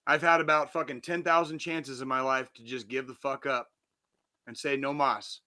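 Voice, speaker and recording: Forties man, swearing podcast host, bright voice, blunt pep talk. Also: mid-range voice, level tone, normal speed. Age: 40s. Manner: blunt and heavily profane; earnest, reassuring pep talk. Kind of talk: casual motivational monologue.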